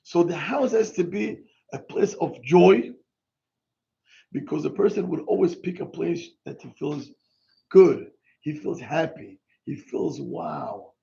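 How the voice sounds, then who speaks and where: Animated rabbi preaching. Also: male voice, fairly high pitch, slow, creaky. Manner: animated, emphatic, exclaiming, mixing in Hebrew words. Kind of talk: sermon. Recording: dull lo-fi recording.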